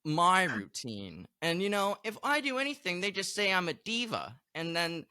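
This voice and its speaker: A man's voice: sits high, normal speed, clear, resonant tone, dry recording, studio quality. A man hosting a podcast, chatting casually and telling stories with exaggerated complaints. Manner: animated storyteller, exaggerated complaints. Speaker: podcast host. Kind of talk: casual chat.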